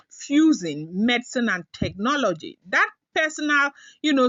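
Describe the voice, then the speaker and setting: A woman's voice: medium pitch, fairly bright tone, no echo, dull audio. A woman giving a chatty celebrity gossip monologue, constantly checking in with "okay?" and "you know".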